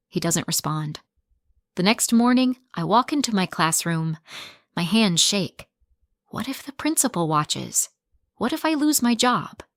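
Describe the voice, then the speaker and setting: A woman narrating a graded English reader story in the first person, with slow, clear, simple phrasing for learners. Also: on the low side, no room sound, studio quality.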